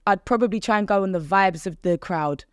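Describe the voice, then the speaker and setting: Lively woman telling stories. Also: medium pitch, a little fast, clean tone, no echo. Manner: animated, laughs often, acts out her own past words. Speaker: podcast guest, fitness instructor. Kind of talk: casual interview chat.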